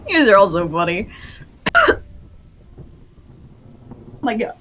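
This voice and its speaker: Her voice is mid-range and fairly bright, with a faint hiss or hum on the recording. Hosting a group roleplay training, she laughs and giggles a lot as she gives directions and has bouts of coughing.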